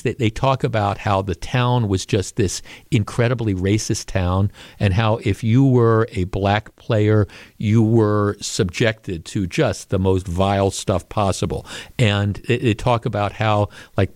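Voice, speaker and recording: Talk radio host in a dry studio. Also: male voice, lowish voice, unhurried, no room sound. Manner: conversational, with frequent restarts, and animated when quoting. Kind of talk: casual talk radio monologue. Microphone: studio microphone.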